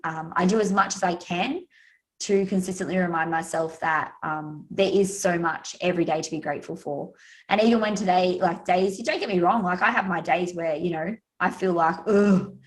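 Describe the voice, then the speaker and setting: A woman's voice: on the low side, poor audio. An Australian woman, a guest speaker and author, talking in a chatty, storytelling way on a podcast. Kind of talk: casual podcast interview.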